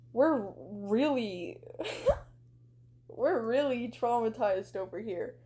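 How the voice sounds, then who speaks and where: A woman's voice: a little high, darkish tone. A woman streaming live, chatting and giggling with her chat while she plays a game and reads a story aloud. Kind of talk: casual reading to a live chat while gaming.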